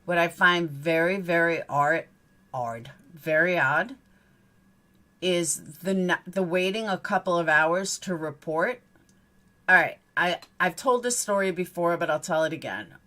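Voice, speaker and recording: A woman's voice: lowish voice, a little slow, pushed and bright. A middle-aged woman hosting a live stream, talking casually and emotionally, repeating herself and greeting viewers by name. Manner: emotional, repetitive storytelling, chats with viewers. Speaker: livestream host.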